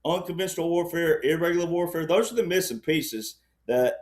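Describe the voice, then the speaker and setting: A man with a voice on the high side speaks briskly as a panel guest in conversational political commentary. He's rambling and insistent, frequently checking in with "all right."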